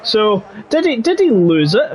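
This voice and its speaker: A man's voice: high voice, sing-song, a little slow, over music. A man giving live sim-racing commentary in a chatty, jokey way with playful quips. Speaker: race commentator.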